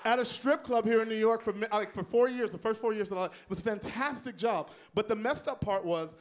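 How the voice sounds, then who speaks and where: A man from Texas doing a stand-up set on a comedy club stage, sassy, loud and playful, with sudden whoops. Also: high voice, brisk.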